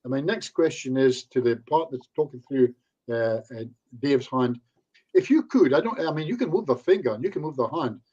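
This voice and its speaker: On a muffled recording, a man speaks at a normal speed in a dark, expressive, medium-pitched voice. He's a hypnotherapist appearing as a guest in a casual online interview, chatty and slipping into quoted client voices as asides.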